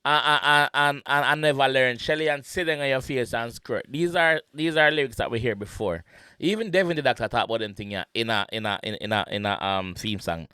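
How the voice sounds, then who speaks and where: Brief: Jamaican man, bright tense voice, excitable patois reaction host. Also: mid-range voice, brisk, smooth, no room sound, clean studio sound. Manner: excitable, restates lyrics in patois with many restarts. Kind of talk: casual commentary.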